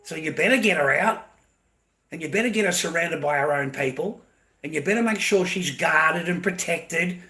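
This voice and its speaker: A man with an Australian accent and a voice pitched a little above the usual male range rants straight at the camera. His delivery is heated and confrontational, laced with profanity, and he keeps circling back over the same phrases. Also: moderate pace, bright, forceful tone. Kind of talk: angry ranting monologue to camera.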